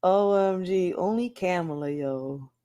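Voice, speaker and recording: Slow-talking blunt woman reacting to news. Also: fairly low pitch, mellow, clean tone. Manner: blunt, swearing, laughing asides. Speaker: host. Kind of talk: casual news reaction commentary.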